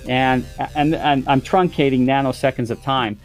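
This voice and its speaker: A man's voice: medium pitch, steady tone, normal speed, faint music behind. A man who is a guest on a podcast, telling a story in a theatrical way and playing up the drama. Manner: theatrical, exaggerating for effect. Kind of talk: animated storytelling.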